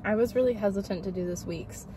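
A woman's voice: mid-range voice, quick pace, background noise. A young woman chatting casually as she reviews and tastes food, gushing with little hums and lots of "like". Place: outdoors near a road, cars passing.

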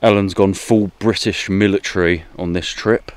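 Camping vlogger, man, very low voice, easygoing and chatty, recorded outside with rain pattering behind. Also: moderate pace. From United Kingdom. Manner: chatty, relaxed, slangy. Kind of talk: casual outdoor vlog. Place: rainy woodland outdoors. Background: heavy rain.

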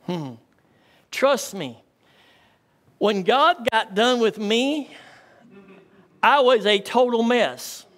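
A man's voice: extremely high pitch, expressive, drawn-out words, long pauses, a bit bright. A man, a pastor preaching a sermon in a folksy storytelling way and calling out to his congregation. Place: church hall. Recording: long church hall reverb.

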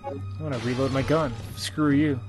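A young man in a mid-range voice plays a video game, cracking jokes and talking back to his co-host. He mutters to himself between lines, and game music plays clearly behind him. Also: medium pitch, steady tone, moderate pace. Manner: wisecracking, mutters while playing. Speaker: let's play player. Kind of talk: casual gameplay commentary.

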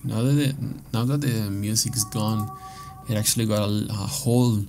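A man's voice: lowish voice, steady tone, moderate pace, over music. A man commentating his own playthrough of a horror game, swearing a lot and reacting with startled outbursts. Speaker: gameplay commentator. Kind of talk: let's play commentary.

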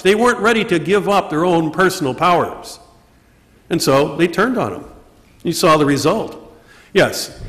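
A man preaching a sermon with a high voice for a man, asking questions and answering them himself. He slows down to stress key words. The sound carries the long reverb of a large church. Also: a bit bright. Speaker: priest. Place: church during Mass.

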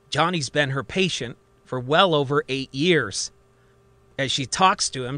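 Bright-voiced male storyteller. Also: mid-range voice, no room sound. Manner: conversational, lively retelling. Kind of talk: storytelling narration.

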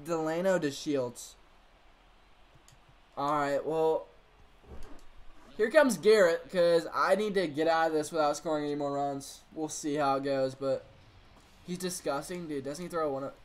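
A man's voice: fairly high pitch, unhurried, long pauses. A young man streaming a baseball video game, commenting casually on his play and reacting to the game and his chat. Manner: excitable, talks to the game and chat, frustrated outbursts. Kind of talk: live gameplay commentary.

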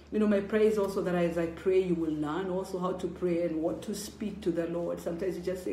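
A woman's voice: medium pitch, brisk, hardly any pauses, mellow, a little hiss or hum. A middle-aged woman preacher giving an emphatic personal testimony as a sermon, her voice rising when she pleads. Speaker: apostle preaching. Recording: roomy echo.

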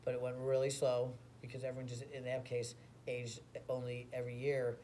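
A man telling an absurd tall tale in a deadpan, mock-boastful way, rambling as he goes. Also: mid-range voice, fairly quick, heavy background noise. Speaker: comedy storyteller.

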